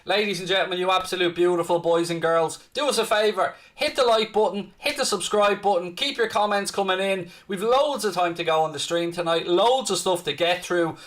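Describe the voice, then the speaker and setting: A man with a fairly high voice hosts a live fan stream. He chats in a loose, upbeat way and picks up viewer comments as he goes. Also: a little fast, hardly any pauses, a bit bright. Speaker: fan channel host.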